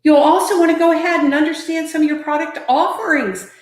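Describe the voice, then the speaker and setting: A woman's voice: high voice, fast talker. Emphatic woman coaching in an echoey room. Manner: emphatic, coaching, repeats herself often. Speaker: sales trainer and consultant. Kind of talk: motivational online talk. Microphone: webcam or laptop mic on a live video stream. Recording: roomy echo.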